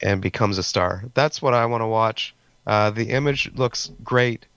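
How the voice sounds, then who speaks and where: A man's voice: fairly low pitch, normal speed, fairly bright tone, dry recording. A man co-hosting a podcast, blunt and opinionated in casual chat. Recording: dull lo-fi sound.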